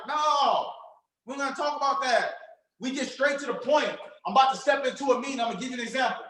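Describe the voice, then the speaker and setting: A man running a loud, hyped sales training seminar for his team, preaching and acting out phone calls. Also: very high voice, quick pace, reverberant, poor audio. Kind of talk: hyped motivational seminar talk.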